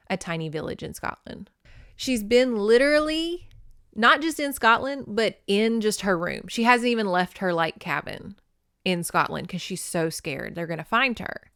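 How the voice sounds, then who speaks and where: Giggly gal recapping a trashy old novel, smooth clear voice, super dry close mic. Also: female voice, mid-range voice, a bit bright, no echo. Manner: chatty, swearing, giggly. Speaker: podcast host. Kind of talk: casual book recap podcast.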